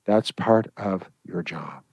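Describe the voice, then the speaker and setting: A middle-aged male physician giving parenting advice on a call-in show in a measured, firm, storytelling way. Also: deep voice, a little mellow, breathy edge, no room sound, dull audio.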